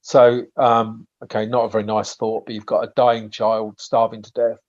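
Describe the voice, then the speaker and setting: A man's voice: lowish voice, flat delivery, normal speed. Chatty English man, dull lo-fi sound. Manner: chatty storyteller, frequent swearing and restarts. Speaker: podcast guest, bait maker. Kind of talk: casual podcast chat.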